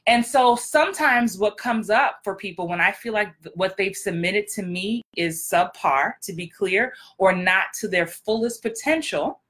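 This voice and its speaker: A woman's voice: medium pitch, normal speed, few pauses, fairly bright tone. A woman acting coach hosting a podcast, talking in a direct, blunt, emphatic way with repeated punchlines. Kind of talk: casual podcast monologue.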